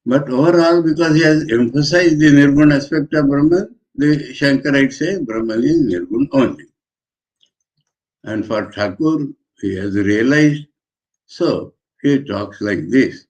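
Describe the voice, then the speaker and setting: A man, a monk giving a measured scripture commentary lecture, pausing between phrases. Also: medium pitch, darkish tone. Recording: dull lo-fi lecture recording.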